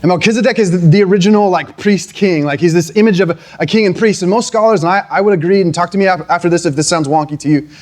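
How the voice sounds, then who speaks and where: A young pastor delivers a sermon in a loose, conversational manner, with frequent restarts. His voice sits a little higher than most men's, and it climbs into fervent, pleading runs when he presses a point. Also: fast talker, hardly any pauses, a little mellow.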